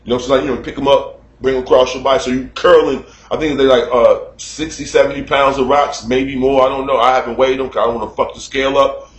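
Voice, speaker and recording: A man telling a story to his camera in a casual, animated, profane way, acting out shouts at a neighbor, recorded in a room at home. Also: medium pitch, quick pace, roomy sound. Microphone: camera mic.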